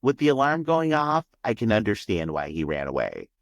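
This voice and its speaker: Man, podcast co-host, deep voice, calm and measured, dry close sound. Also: gravelly, dry recording. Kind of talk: casual recap chat.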